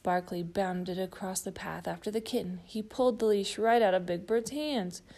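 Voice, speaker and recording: A woman narrating a children's storybook in a gentle, steady way. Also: mid-range voice, moderate pace. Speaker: storybook reader.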